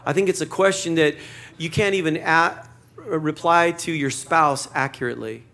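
A man's voice: on the high side, normal speed, creaky, sharp tone. Man preaching in a chatty voice. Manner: conversational preaching with jokes and acted quotes. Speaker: pastor. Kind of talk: sermon. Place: church hall with congregation.

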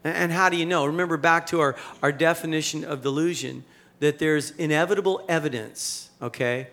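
Animated, joking male preacher. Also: a little high, fairly quick. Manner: conversational, animated preaching with jokes and rhetorical questions. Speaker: pastor. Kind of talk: sermon.

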